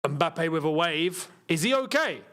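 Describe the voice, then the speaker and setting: A man's voice: fairly high pitch, big pitch swings, unhurried, bright, forceful tone. A young man hosting a live football watchalong, chatting casually, laughing often and reading viewer comments aloud.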